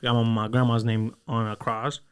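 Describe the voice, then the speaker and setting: A young man hosting a casual podcast, rambling through stories with lots of swearing and quick put-on voices for the people he quotes. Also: medium pitch, little pitch movement, smooth. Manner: rambling storyteller, heavy cursing, acts out voices in quotes. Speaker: podcast host.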